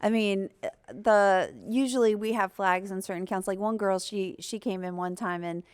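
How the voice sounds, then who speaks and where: A woman's voice: mid-range voice, moderate pace, smooth. A woman hosting a casual podcast chat, telling blunt stories and acting out quoted lines. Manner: animated storyteller, blunt, acts out quotes. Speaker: podcast host, comedian.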